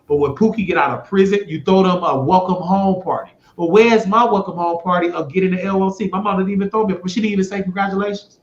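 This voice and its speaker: Rambling, blunt man in an echoey room. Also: fairly high pitch. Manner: rambling, blunt, swears freely; swings between loud bursts and mutters. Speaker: show host. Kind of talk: casual rambling monologue. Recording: echoey room, dull lo-fi sound.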